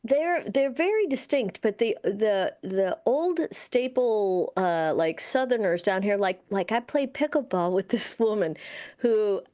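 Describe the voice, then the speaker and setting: A woman's voice: mid-range voice, lively intonation, measured pace, dark tone. A woman co-hosting a local radio show, chatting casually and reading news excerpts aloud with lots of fillers. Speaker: radio co-host. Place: radio studio.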